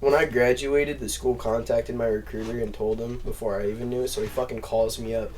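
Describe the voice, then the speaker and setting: A young man in a relaxed podcast chat, mid-pitched and loose, dropping swear words as he tells stories. He laughs often, and a faint hum of room noise sits under his voice. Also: a little fast, low-quality recording. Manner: profane, storytelling, laughs often. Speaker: podcast host. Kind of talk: casual chat.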